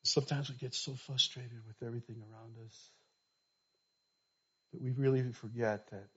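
Man preaching with loud emphatic bursts. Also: medium pitch, fairly even intonation, moderate pace, breathy edge. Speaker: pastor. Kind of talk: sermon. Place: church sanctuary. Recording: slightly dull, lo-fi recording.

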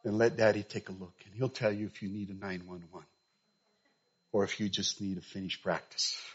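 Man preaching with loud emphatic bursts. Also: on the low side, little pitch movement, fairly quick, slightly rough. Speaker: pastor. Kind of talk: sermon. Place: church sanctuary. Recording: slightly dull, lo-fi recording.

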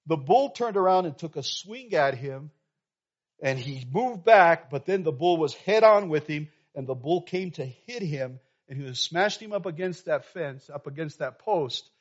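A male pastor telling a story in a sermon, moving from quiet and soft to loud and animated. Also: fairly high pitch, moderate pace. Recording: dull lo-fi sound.

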